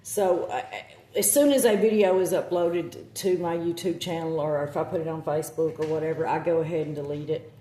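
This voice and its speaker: A woman's voice: low voice, fairly even intonation, a little fast, mellow, roomy sound. A woman with a Southern accent chatting casually to her phone camera, rambling with lots of ums and self-corrections. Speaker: witch vlogger.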